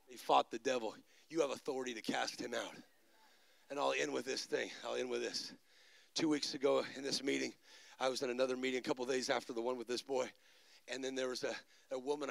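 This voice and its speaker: Guy preaching hard, raspy edgy voice, goes from shouting to low quick stories, dry sound. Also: no echo. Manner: swings between shouted exhortation and low fast storytelling. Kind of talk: charismatic sermon.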